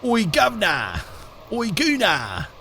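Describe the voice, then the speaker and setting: A man's voice: high voice, huge pitch swings, takes it slowly, bright, forceful tone, slight background noise, voice pushed up, exaggerated voice. A man putting on a brash Cockney man who barks orders in an exaggerated mock British accent. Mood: bossy, jokey.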